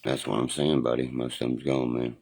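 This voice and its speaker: A man's voice: rumbling low, little pitch movement, fairly quick, gravelly, a little mellow, husky, rough recording. A middle-aged man talking on a home livestream into a phone, rambling and profane, forever asking whether you know what he means. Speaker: livestream host.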